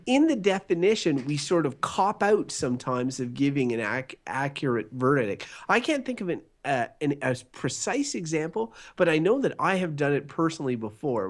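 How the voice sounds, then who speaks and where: Podcast guy with a bouncy up-and-down voice, thinks out loud. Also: mid-range voice. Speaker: podcast co-host. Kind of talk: casual podcast discussion.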